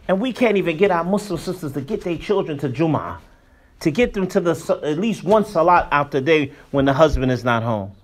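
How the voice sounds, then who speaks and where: Animated, high-voiced man teaching religion. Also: a little fast. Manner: animated, colloquial, emphatic preaching. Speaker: Islamic teacher. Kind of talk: religious lesson.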